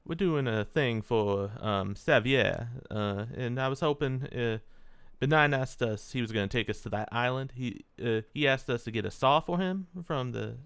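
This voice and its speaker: A man's voice: mid-range voice, moderate pace, a bit bright, smooth, dry recording. A man playing a tabletop role-playing game, talking in a polite, folksy way in character. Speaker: player.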